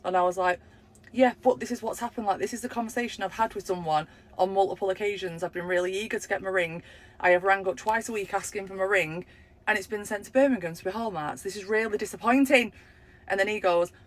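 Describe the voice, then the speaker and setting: A young woman tells a story in casual chat, acting out the voices she quotes with big jumps in pitch. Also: quick pace.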